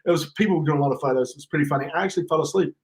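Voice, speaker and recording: A man's voice: on the high side, very fast, a little mellow. Playful joking man co-hosting. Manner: joking, playful, breaks into silly voices and laughter. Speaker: co-host. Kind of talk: casual live-stream chat.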